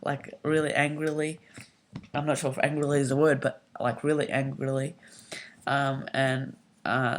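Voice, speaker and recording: A YouTuber casually recapping a wrestling show, talking in a rambling, hesitant way full of um and like, and getting loud and excitable when worked up. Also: medium pitch, normal speed.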